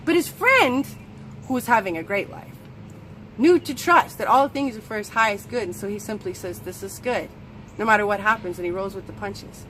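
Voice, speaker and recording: A woman well-being coach telling a parable in a casual, animated way, acting out the people she quotes. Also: medium pitch, normal speed, slight background noise, poor audio. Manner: animated, acts out quoted voices. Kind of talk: casual storytelling monologue.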